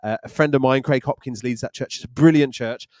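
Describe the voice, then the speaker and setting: A man's voice: medium pitch, steady tone, a little fast, a little mellow, no echo, studio quality. Jokey man hosting a church livestream. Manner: jokey, chatty, laughs often. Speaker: church leader and co-host. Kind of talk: live online Q&A chat.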